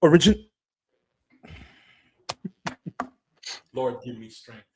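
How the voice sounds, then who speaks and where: A man's voice: medium pitch, drawn-out words, husky. Ranting man on a podcast. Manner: animated, profane ranting with laughs. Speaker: podcast co-host. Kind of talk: casual chat.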